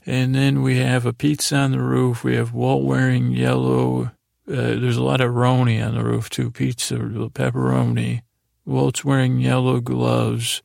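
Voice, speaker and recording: A man's voice: medium pitch, monotone, measured pace, creaky, darkish tone, no echo, clean studio sound. A man hosting a sleep podcast, loosely retelling TV scenes in a meandering bedtime ramble.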